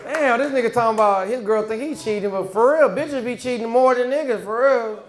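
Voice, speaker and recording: A man's voice: very high-pitched, brisk. A man hosting a comedy show, bantering loosely and profanely with the audience between acts. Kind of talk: stand-up hosting. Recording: live club with crowd noise.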